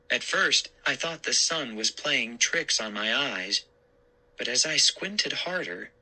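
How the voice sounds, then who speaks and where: Slow, bright-voiced male storyteller. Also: medium pitch, slightly rough, rough recording. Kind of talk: scripted story narration.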